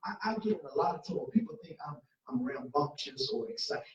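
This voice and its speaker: A Bible study teacher preaching in a passionate, folksy way with homey everyday examples, talking faster and cutting in when fired up. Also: mid-range voice, lively intonation. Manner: speeds up and cuts in when passionate. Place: church. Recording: very echoey church room, mic far off, dull sound.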